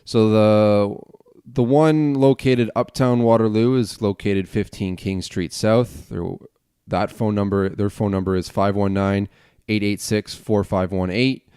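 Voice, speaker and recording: A man's voice: on the low side, steady tone, measured pace, mellow, clear, resonant tone, dry recording, clean studio sound. A man hosting a casual solo podcast at home, rambling and chatty as he reviews a beer, with casual swearing. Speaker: podcast host. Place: home, at a desk.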